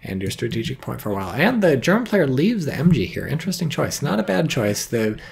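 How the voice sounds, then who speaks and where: A man giving casual, profane, excitable commentary on a strategy game match, with wry asides. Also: medium pitch, fast, gravelly. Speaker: game caster.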